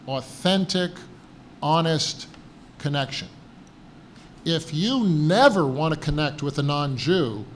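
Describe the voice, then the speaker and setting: A man with a fairly high voice speaks on a conference panel, wry and storytelling. A faint hiss sits under his voice. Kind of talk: conference panel talk with anecdotes. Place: conference hall.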